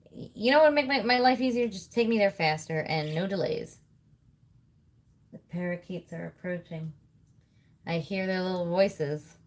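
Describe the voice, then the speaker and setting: Chatty, swearing woman streaming from home. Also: medium pitch. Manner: chatty, swears freely, thinks aloud. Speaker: livestream host. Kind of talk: casual rambling chat.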